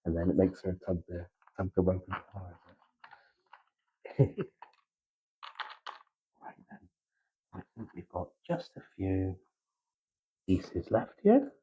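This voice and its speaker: Gloucestershire man, soft-spoken ASMR chat, very low and smooth-toned, halting with many pauses. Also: sing-song, lo-fi sound. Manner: soft-spoken, slipping into whispers. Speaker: ASMR creator.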